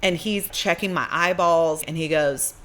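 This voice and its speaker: A woman co-hosting a podcast, telling a story in a casual, animated way and acting out the people in it. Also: deep voice, a little slow, a little hiss or hum. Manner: animated, acts out voices in her stories. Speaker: podcast co-host.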